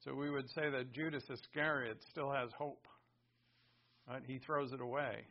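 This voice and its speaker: Emphatic male preacher with a gravelly voice, on a dull, lo-fi sermon recording. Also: mid-range voice, fairly even intonation, normal speed. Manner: emphatic, swings from loud to hushed. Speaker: pastor.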